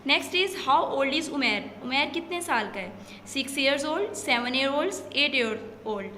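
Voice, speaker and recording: A woman with a Pakistani English accent teaching an English lesson, reading example sentences slowly and explaining in Hindi-Urdu. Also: high-pitched, lively intonation, sharp tone. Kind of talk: recorded classroom lesson explaining exercises. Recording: echoey room, faint noise.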